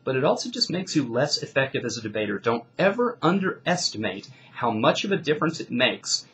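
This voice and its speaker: A man's voice: medium pitch, sing-song, a little fast, hardly any pauses, a bit bright, slight background noise, low-quality recording. Emphatic male debate coach. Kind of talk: instructional talk.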